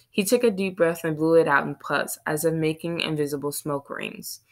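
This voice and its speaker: A woman narrating a children's novel in a steady storytelling read. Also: low-pitched, moderate pace, hardly any pauses. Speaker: audiobook reader. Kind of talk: scripted narration.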